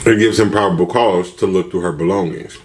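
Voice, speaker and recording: A man's voice: deep voice, a little fast, background noise. A man retelling a story casually for a food vlog, acting out the people he quotes. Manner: animated, acts out quotes with shifting voices. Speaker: mukbang vlogger.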